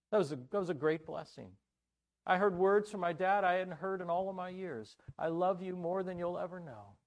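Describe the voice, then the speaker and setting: At a church conference, a preacher with a high, creaky voice tells a story in his sermon, full of lively energy as he performs each character's voice.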